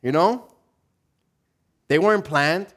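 A man's voice: fairly high pitch, slow. A man preaching a conversational sermon as a pastor, casual and slangy, telling stories and acting out voices. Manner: animated, animated storytelling with acted-out voices.

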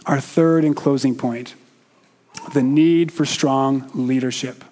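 A man preaching a sermon in a slow, measured way with frequent pauses, sometimes putting questions to the congregation. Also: medium pitch, steady tone, darkish tone.

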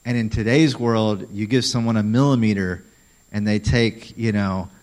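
A man's voice: lowish voice, steady tone, moderate pace, darkish tone, poor audio. Conversational male pastor preaching. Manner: conversational, emphatic, asks questions. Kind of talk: sermon.

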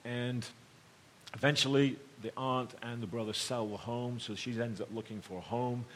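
A middle-aged man gives a sermon as if telling a story to friends. His voice sits in a middle range, and he moves between quiet, intimate passages and louder, emphatic ones. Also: medium pitch, steady tone, normal speed. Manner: conversational, swings between loud emphasis and hushed tones. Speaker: pastor.

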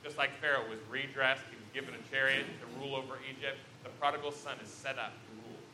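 A man preaching a sermon to his congregation, telling Bible stories with big swings between loud and soft. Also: medium pitch, fast, slight background noise. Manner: animated storytelling with sharp swings in loudness. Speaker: pastor. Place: church sanctuary. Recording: roomy church echo.

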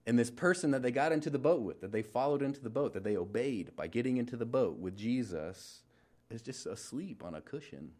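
A man's voice: mid-range voice, animated, brisk, darkish tone. Laid-back young man preaching casually. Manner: informal, filler-heavy, many restarts and trailing asides. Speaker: pastor. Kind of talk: casual conversational sermon.

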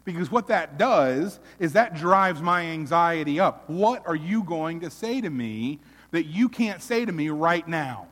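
A man preaching a sermon as pastor, earnest, swelling loud and then dropping almost to a hush. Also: a little high, animated, slow pace, big-room sound.

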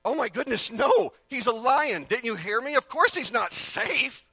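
A preacher putting on a shrill talking animal. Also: male voice, expressive, normal speed, vocal fry, pushed and bright, slightly rough, dry recording, exaggerated voice. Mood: exasperated. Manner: shrill, exclaiming, drawn out. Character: excitable talking animal, exasperated. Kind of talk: sermon storytelling.

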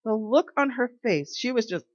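A woman leading an informal devotional talk, reading scripture and telling everyday stories in an earnest, conversational way, slowing down to stress key phrases. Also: a little high, expressive, a little mellow, dry recording, muffled recording. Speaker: Bible study leader.

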